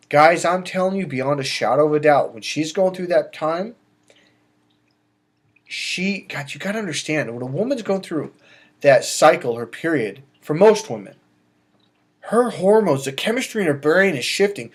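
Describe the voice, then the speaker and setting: Animated man giving dating advice. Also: moderate pace. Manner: animated and emphatic, swings between loud bursts and low asides. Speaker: dating coach. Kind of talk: direct-to-camera advice monologue.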